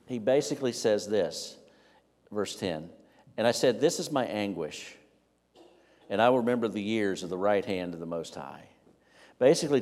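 A man's voice: on the low side, darkish tone. A man preaching a sermon, asking rhetorical questions and checking in with the congregation in a conversational way. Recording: long hall reverb.

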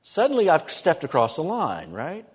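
Animated pastor preaching a sermon. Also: male voice, fairly high pitch, normal speed, husky, in a large hall. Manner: conversational, animated preaching with sudden drops to soft prayerful tones. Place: church sanctuary.

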